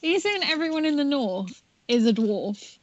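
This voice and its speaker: Quick, teasing woman player. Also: sits high, very animated, no room sound, lo-fi sound. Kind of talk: casual tabletop chat.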